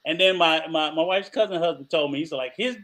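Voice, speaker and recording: An older man co-hosting a podcast in casual chat, telling animated stories, laughing often and acting out other people's voices. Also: a little high, brisk. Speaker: podcast co-host.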